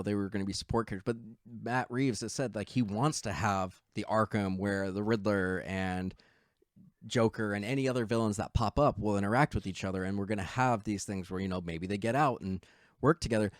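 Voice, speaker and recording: A man's voice: fairly low pitch, brisk, no echo, studio quality. A man co-hosting a podcast, chatting casually and enthusiastically about a film, swearing freely and acting out lines from it. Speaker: podcast co-host.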